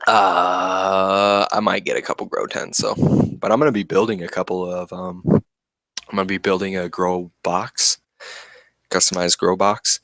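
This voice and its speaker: Low-voiced rambling man streaming. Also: flat delivery, measured pace, fairly bright tone, no room sound. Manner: rambling, fidgety, self-described eccentric. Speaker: livestream host. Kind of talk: casual chat. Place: indoors at home with plants.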